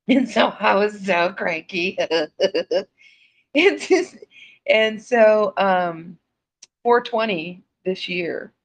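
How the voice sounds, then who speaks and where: A woman's voice: deep voice, a bit bright. A woman telling a personal story in a casual, profane and blunt way, often laughing. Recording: dull lo-fi recording.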